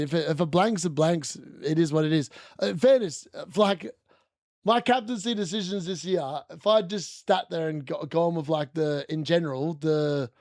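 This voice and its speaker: Excitable high-voiced man streaming. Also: no room sound, studio quality. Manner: excitable, chatty, laughs often; corrects himself mid-sentence. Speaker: fantasy football streamer. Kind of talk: live watch-along commentary.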